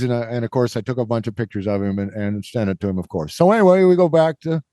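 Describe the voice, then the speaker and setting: A man's voice: medium pitch, expressive, fast talker, mellow, no room sound, clean studio sound. A middle-aged man hosting a podcast and telling a rambling story, full of fillers and acting out the people in it. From Kansas, US. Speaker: podcast host. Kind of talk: casual storytelling.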